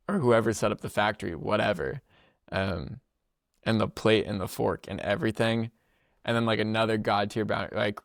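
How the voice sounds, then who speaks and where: A young podcast co-host with a low, gravelly voice tells a story in a loose, rambling chat full of slang, fillers, and quick laughs. The sound is close and dry, with no room sound.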